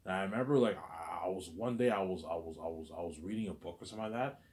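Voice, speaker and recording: A man's voice: low voice, quick pace, darkish tone. A man delivering a rambling, agitated vlog monologue, stammering and repeating himself. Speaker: vlogger.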